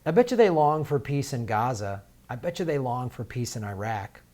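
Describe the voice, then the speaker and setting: A man's voice: mid-range voice, sing-song, moderate pace, dark tone. A man hosting political commentary, talking in a heated, sarcastic way with lots of filler words and restarts.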